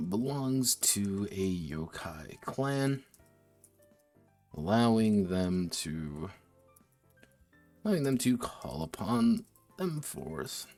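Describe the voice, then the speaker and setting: A man's voice: lowish voice, a little mellow. A man streaming while designing a tabletop game, thinking aloud with restarts and self-corrections, a little slurred from drinking. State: tipsy from drinking.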